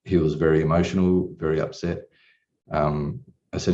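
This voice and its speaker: A client gives a testimonial, candidly recounting his personal story in an earnest, emotional way, swearing casually and restarting often. His voice is extremely low and mellow, flat in delivery, at normal speed. The distant mic yields dull lo-fi sound.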